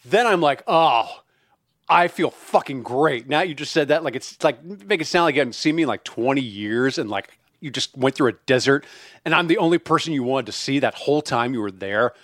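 Man, podcast co-host, lively swooping pitch, dry close sound, swears a lot. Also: brisk, no echo. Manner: animated, swearing, enthusiastic greetings. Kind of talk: casual podcast chat. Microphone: remote call mic.

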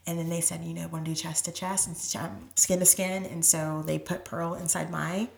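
Low-voiced woman telling a personal story. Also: level tone, a little fast, vocal fry, roomy sound. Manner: softens to near-whisper when moved, many "like" fillers. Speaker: guest.

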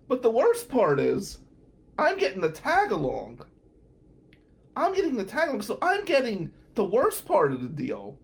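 Animated sarcastic storytelling man. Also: high voice. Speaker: podcast host. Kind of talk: comedic storytelling.

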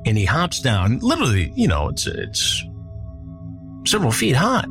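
A man hosting a podcast, retelling a story in a measured, dramatic way. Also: mid-range voice, wildly swooping pitch, over music. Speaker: podcast host. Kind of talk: storytelling narration.

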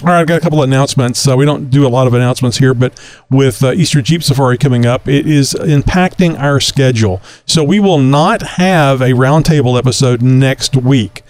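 A man's voice: medium pitch, brisk, darkish tone. A man from Texas hosting a casual talk show, rambling with many fillers. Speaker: podcast host.

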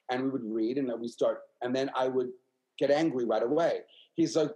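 NY guy, 50s, guest storyteller, lively and repetitive. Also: mid-range voice, fairly quick, poor audio. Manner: animated, repeats himself, acts out quoted voices. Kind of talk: candid interview storytelling.

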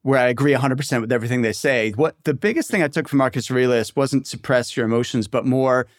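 A man's voice: medium pitch, steady tone, quick pace, no room sound, studio quality. A man hosting a podcast interview, thinking aloud with frequent restarts. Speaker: podcast host. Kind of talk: conversational interview.

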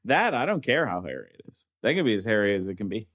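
A man, a comedian guest on a podcast, musing deadpan and tossing out crude jokes. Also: lowish voice, fast. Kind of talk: casual comedic chat.

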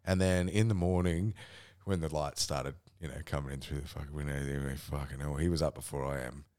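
A man's voice: a bass voice, fairly even intonation, fairly quick, a little mellow. A young Australian man telling a rambling, sweary story on a casual podcast, laughing as he goes. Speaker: podcast co-host.

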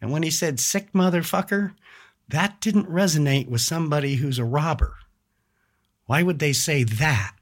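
A man slowly recounting a violent attack in first person, measured and deliberate, rising sharply when he quotes shouts. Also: fairly high pitch. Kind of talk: slow first-person storytelling.

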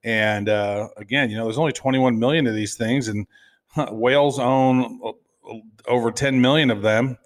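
Co-hosting a crypto show, this man chats casually at a moderate pace in a mid-range voice with fairly even intonation. He rambles in a playful way, with plenty of fillers and false starts.

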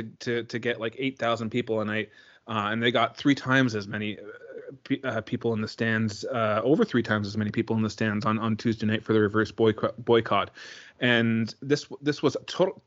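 A man co-hosting a sports podcast in casual chat, talking in halting bursts full of restarts and repeated words. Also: mid-range voice, fairly even intonation, muffled recording. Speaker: podcast co-host.

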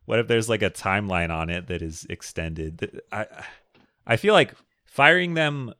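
A man's voice: lowish voice, animated, normal speed, bright, forceful tone, no echo, studio quality. A man co-hosting a podcast, chatting casually, laughing often and reading listener questions aloud. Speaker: podcast co-host. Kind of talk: casual chat.

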